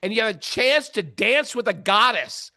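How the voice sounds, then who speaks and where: Animated middle-aged man telling a story. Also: sits high, moderate pace, no room sound, studio quality. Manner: animated storyteller, acting out quotes, laughs often. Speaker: podcast host. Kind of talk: casual storytelling on a spiritual podcast.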